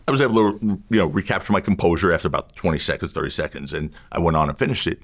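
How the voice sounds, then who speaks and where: A defense lawyer as an interview guest, telling a story in an animated, emphatic way and repeating phrases to drive a point home. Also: male voice, sits low, racing, hardly any pauses.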